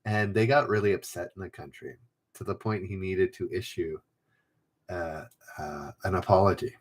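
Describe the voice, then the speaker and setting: A man with a low voice hosts a trivia livestream from home. He reads out quiz clues and chats loosely with viewers, rambling and correcting himself as he goes. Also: fairly even intonation, moderate pace. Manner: rambling, self-correcting, reads chat names aloud. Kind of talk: casual livestream chat, reading quiz clues. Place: home room.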